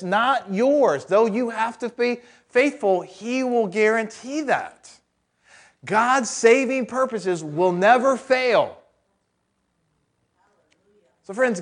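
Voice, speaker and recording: A man preaches to his congregation in a high-pitched voice, keeping the sermon conversational with rhetorical questions and humorous asides.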